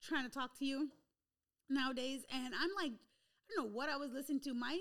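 A woman's voice: high voice, brisk, a bit bright. A woman chatting casually and laughing as she tells a story during a trivia game with a friend.

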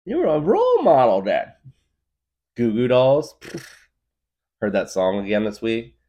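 A man's voice: medium pitch, wildly swooping pitch, a little slow, warm tone, highs cut off. A man hosting a comedy podcast, rambling through a comic monologue packed with filler words. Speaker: podcast host.

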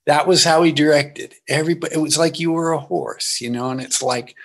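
A man's voice: on the high side, a little fast, vocal fry. A man, an actor guest in an interview, telling anecdotes with laughs and acted-out quotes. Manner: animated, laughing, acts out quotes.

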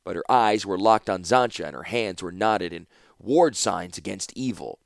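A man narrating a fantasy audiobook in a dramatic, expressive storytelling manner. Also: low voice, normal speed, vocal fry, no room sound, clean studio sound.

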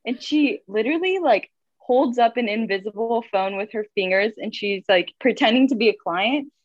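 A woman's voice: a little high, expressive, moderate pace, dry recording, muffled recording. A young woman in her twenties telling stories in casual chat, full of fillers, over a video call. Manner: chatty storytelling, filler-heavy. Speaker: guest. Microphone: phone on video call.

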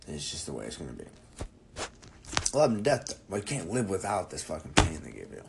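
A young man in his twenties hosts a solo podcast with a very low, deep voice. He rambles, jokes and swears freely. A faint hum sits behind his voice. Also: big pitch swings, quick pace, gravelly. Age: 20s. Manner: profane, rambling, jokey. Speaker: podcast host. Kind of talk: casual solo podcast monologue.

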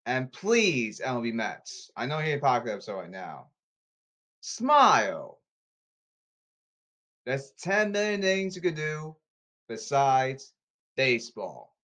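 A man's voice: slow pace, long pauses. Guy ranting alone on his podcast, voice jumping all over, super worked up. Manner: animated, erratic pitch leaps and volume swings; repetitive, exasperated ranting. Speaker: podcast host.

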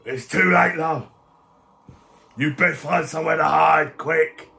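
A man's voice: a little high, fairly even intonation, slow pace, gravelly, sharp tone, voice pushed up, heavily acted. A man voicing a worn-out male prisoner who urgently warns his friends in a tabletop game. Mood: grim. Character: Alexis, a worn-out male prisoner who calls people love.

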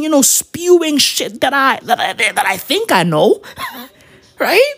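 A man's voice: very high-pitched, big pitch swings, takes it slowly, fairly bright tone. A man giving a rambling, profane commentary full of slang and fillers. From South Africa. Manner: rambling, slangy, swears constantly, many fillers. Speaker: vlogger.

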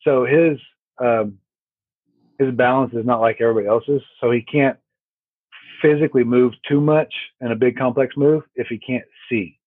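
A man's voice: medium pitch, fairly even intonation, moderate pace, no echo. A man talking as a podcast guest, a rambling, profane storyteller with lots of fillers, heard over a remote call. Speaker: podcast guest, firearms instructor. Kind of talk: casual chat. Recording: tinny phone-like line, husky.

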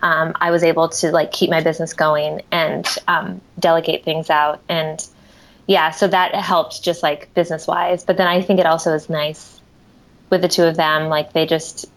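A woman's voice: deep voice, level tone, normal speed, low-quality recording. A woman in her thirties, a mother who runs her own business, chatting casually, laughing often and trailing off mid-thought. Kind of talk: casual conversation.

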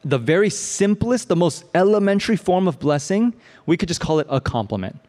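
A man from the Midwestern United States preaches in a casual, animated way and tells a story with frequent fillers and "right?" tags. His voice sits slightly high. It carries a long reverb that fills a large hall. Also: fairly quick. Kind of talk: conversational sermon storytelling.

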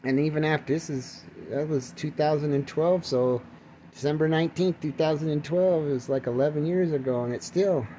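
A man's voice: fairly high pitch, a little fast, warm tone, slight background noise, rough recording. A man hosting a rambling solo monologue, full of restarts and wry jokes. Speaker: podcast host.

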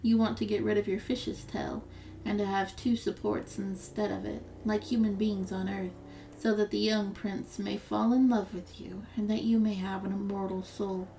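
A woman's voice: mid-range voice, little pitch movement, normal speed, gravelly, mellow, recorded from a distance, a little hiss or hum, close to an everyday voice, poor audio. A woman voicing a scheming old sea witch in a storybook reading, blunt and warning.

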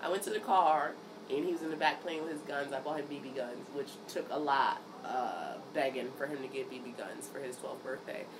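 A woman in her thirties, chatting casually and telling animated stories, acting out quotes, swearing and laughing often. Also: very deep voice, brisk. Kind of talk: casual chat. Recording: distant mic, noisy background.

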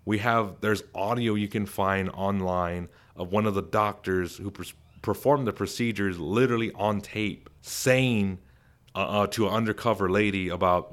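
A man hosts his own commentary show in a fairly low voice. He talks in a casual, chatty way and puts strong emphasis on his opinions. He sounds animated and speaks freely. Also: normal speed. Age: adult father. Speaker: commentary host.

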